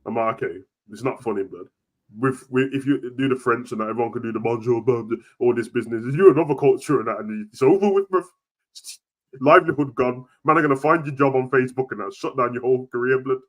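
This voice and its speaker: A young man chatting casually about football, slangy and animated. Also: mid-range voice. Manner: slangy, animated, quick banter. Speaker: football podcast co-host. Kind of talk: casual chat.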